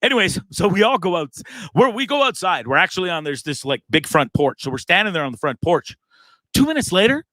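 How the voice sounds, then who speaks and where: On his own live show, the host tells a long, animated story, mimicking the other characters and cursing liberally. His voice sits on the high side, moves a little fast, and carries no echo.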